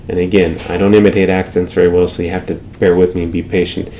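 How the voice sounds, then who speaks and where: Male language teacher, lecturing, slow repeated examples, faint hiss behind. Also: deep voice, dark tone, dull audio. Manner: explanatory, repeats example phrases slowly. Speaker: Spanish teacher.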